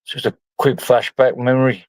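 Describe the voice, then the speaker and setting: A man's voice: mid-range voice, little pitch movement, brisk, darkish tone, dry recording, rough recording. A man from London telling rambling, profane stories in a casual group chat.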